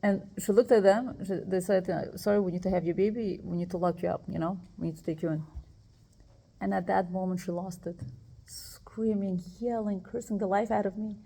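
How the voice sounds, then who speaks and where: Woman, gravelly voice, emotional storytelling, quotes dialogue, speaking to women. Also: medium pitch, steady tone, brisk, warm tone. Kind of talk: personal storytelling talk.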